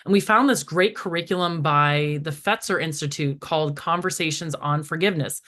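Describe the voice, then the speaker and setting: Middle-aged female guest, relaxed spiritual talk, lively storyteller. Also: deep voice, moderate pace. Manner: animated storytelling, acts out voices in quotes; frequent "like" fillers. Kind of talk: casual spiritual chat.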